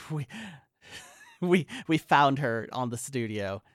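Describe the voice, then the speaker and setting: A man co-hosting a podcast, recapping a movie with halting, stammering, amused commentary. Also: medium pitch, expressive, a bit bright, no echo, clean studio sound. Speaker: podcast co-host. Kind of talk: casual movie-recap chat.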